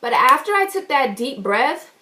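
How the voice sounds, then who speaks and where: High-voiced woman telling an indignant story. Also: very animated, moderate pace, pushed and bright, slight background noise. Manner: indignant, emphatic and profane retelling. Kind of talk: storytime vlog.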